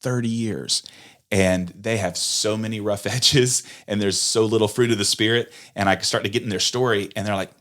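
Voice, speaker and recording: A man's voice: lowish voice, fairly even intonation, normal speed, a bit bright. A man co-hosting a casual church podcast, reflecting thoughtfully and thinking aloud. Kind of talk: casual conversation.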